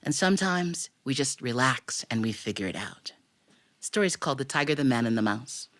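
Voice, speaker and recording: Lively woman storyteller. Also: extremely low pitch, fairly quick. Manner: lively, chatty, asks the audience questions. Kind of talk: live storytelling for a family audience. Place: recording studio with live audience.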